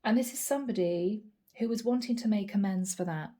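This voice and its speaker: A woman giving a channeled tarot reading, speaking calmly and reassuringly, addressing the listener directly and repeating key phrases. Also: mid-range voice, fairly quick, a little hiss or hum. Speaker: tarot reader.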